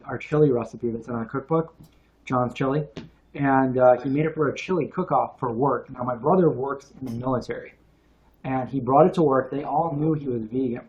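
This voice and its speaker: A man co-hosting a casual livestream, telling rambling stories with restarts and asides. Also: mid-range voice. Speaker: co-host of vegan cooking livestream. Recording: dull lo-fi stream audio.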